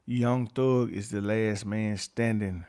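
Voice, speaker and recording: A man's voice: on the low side, steady tone, slow, warm tone, smooth. A man hosting a YouTube livestream, greeting chat viewers by name and repeating his catchphrases. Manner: repeats catchphrases, reads chat names aloud, chuckles often. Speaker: YouTube channel host.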